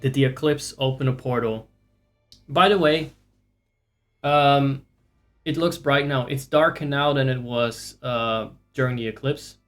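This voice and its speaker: A man's voice: medium pitch, fairly even intonation, a little slow, a bit bright, faint music behind. Sarcastic, rambling male streamer. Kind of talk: casual live-stream chat with viewers.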